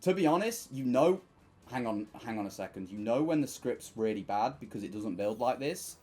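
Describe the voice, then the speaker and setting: Excitable man with a lively voice. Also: medium pitch, moderate pace, slightly rough, soft background music. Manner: excitable, bursts into shouting at wins. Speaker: online slots streamer. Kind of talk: casual gambling commentary.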